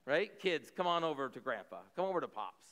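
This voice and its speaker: A man voicing an aggrieved, guilt-tripping old father-in-law, with a lower, wheedling delivery. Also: sing-song, fairly quick, fairly bright tone. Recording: echoey hall reverb.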